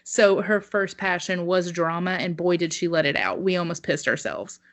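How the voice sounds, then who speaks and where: A woman's voice: fairly low pitch, moderate pace, a bit bright. A woman co-hosting a podcast, telling a funny story in a wry, self-mocking way and laughing at herself. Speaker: podcast co-host. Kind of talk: casual storytelling.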